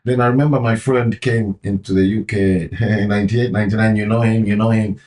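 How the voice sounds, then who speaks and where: A man's voice: fairly low pitch, fairly even intonation, brisk, darkish tone. A Zambian man with a Zambian accent, a comedian and MC, talking casually in an interview with many fillers and "you know"s. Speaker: guest, comedian and MC.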